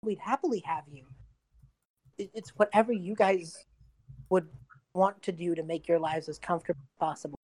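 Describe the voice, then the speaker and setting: A woman's voice: lowish voice, normal speed, pauses often, darkish tone, no room sound, close to an everyday voice, poor audio. A woman playing a young male prince who pleads earnestly and rambles, trying to make peace. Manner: earnest, rambling, eager to please.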